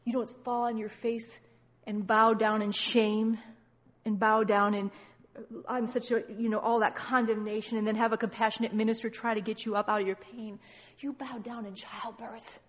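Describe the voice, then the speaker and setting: A woman's voice: a little high, level tone, normal speed. Fervent woman exhorting in an echoey hall. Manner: fervent, repeats phrases, stammers. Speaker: church member sharing with the congregation. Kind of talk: impassioned spontaneous exhortation. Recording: dull, echoey hall recording.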